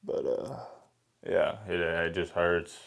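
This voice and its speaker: A man, a sports YouTuber, talking in a dejected, halting way, sighing and close to tears in a reaction vlog. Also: sits low, monotone, gravelly.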